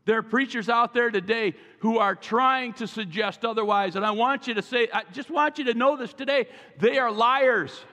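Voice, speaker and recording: A man's voice: extremely high pitch, fairly quick, hardly any pauses, bright, forceful tone, lo-fi sound. A male pastor preaching a sermon with emphasis and calling the congregation to repeat after him. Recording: long reverb from a large hall.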